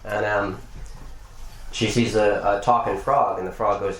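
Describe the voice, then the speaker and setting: A man from Ireland performing spoken-word poetry and deadpan jokes at a live bar gig, with rapid rhyming delivery. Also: fairly low pitch, far from the mic, slight background noise. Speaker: poet and comedian. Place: bar function room. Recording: echoey live room.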